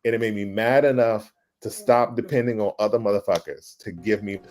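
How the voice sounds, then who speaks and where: A middle-aged man, a podcast guest, telling his career story in a casual, animated way, swearing and acting out past scenes. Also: on the low side, brisk. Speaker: podcast guest, ad creative director.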